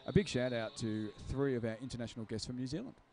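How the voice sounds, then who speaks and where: A man's voice: medium pitch, fast, dark tone, slight background noise. A man giving live roller derby commentary, chatty and joking at his own expense. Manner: chatty, jokey, self-deprecating, ad-libbing. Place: sports venue.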